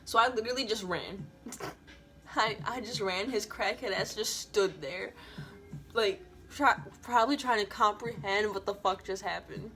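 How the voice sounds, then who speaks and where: A woman's voice: medium pitch, measured pace, bright, forceful tone, soft background music. A woman vlogger telling a story in a casual, slangy way, swearing freely.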